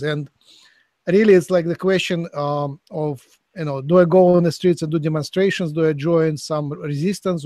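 A man's voice: fairly high pitch, dark tone, no room sound. A man with a somewhat raised voice asks questions of a channeler, circling back and restarting as he works through his thoughts. His voice is recorded dry, with no room sound behind it. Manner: searching, hesitant, with restarts and a light laugh. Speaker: interviewer. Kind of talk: conversational questioning.

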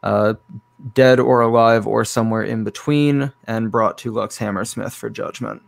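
A man guesting on an interview over a video call, explaining his game in a relaxed, easygoing way. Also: fairly low pitch, normal speed, vocal fry. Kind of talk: casual interview chat.

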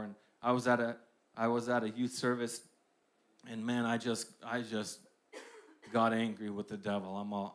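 A young man preaching a sermon, shifting between hushed personal storytelling and loud, emphatic declarations with lots of repetition. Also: fairly low pitch, little pitch movement, moderate pace.

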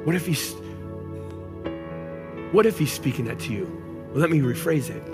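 A man preaching a sermon as pastor, animated and acting out angry complaints before dropping to soft, intimate tones. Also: on the high side, normal speed, pauses often. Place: church auditorium. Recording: church hall reverb with music.

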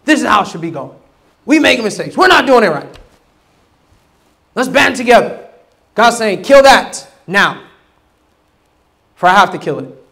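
A man preaching a sermon as pastor, casual with slang, acting out the voices he quotes and swinging from loud bursts to low asides. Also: big pitch swings, moderate pace, gravelly, pauses often.

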